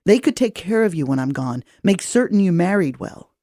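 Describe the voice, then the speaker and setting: A woman's voice: lowish voice, lively intonation, normal speed, mellow, no echo, studio quality. A woman reading the part of an aging nobleman father who lectures his daughter in a stern, weary way. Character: gruff worried aging male nobleman father.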